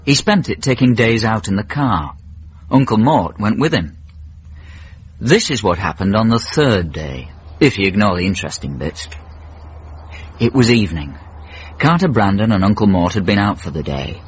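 A man narrates a radio drama in a dry, wry storytelling manner. His voice is low and husky, and the broadcast recording sounds slightly dull. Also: big pitch swings, moderate pace, long pauses. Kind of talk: scripted narration.

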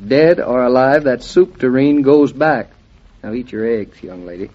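A man's voice: mid-range voice, measured pace, lo-fi sound, natural voice. An actor playing a playful, wry young husband in an old radio drama, trading jokes with his wife. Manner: joking, teasing banter.

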